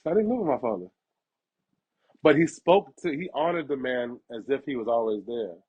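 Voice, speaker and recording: Podcast host, young man, husky, lively storyteller, muffled lo-fi sound. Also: fairly quick. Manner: animated, laughs through stories, acts out quotes in a higher voice. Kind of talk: casual storytelling chat. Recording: dull lo-fi sound.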